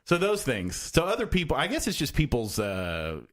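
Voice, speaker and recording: A man's voice: mid-range voice, huge pitch swings, moderate pace, a bit bright. Rambling, hesitant male podcast co-host. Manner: rambling, hesitant, many restarts and fillers. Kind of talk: casual chat.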